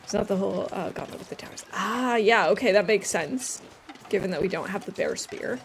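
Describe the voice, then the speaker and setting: A woman's voice: mid-range voice, brisk, gravelly, slight background noise. A woman streamer giving casual let's-play commentary while she plays, chatty and rambling with a self-amused tone.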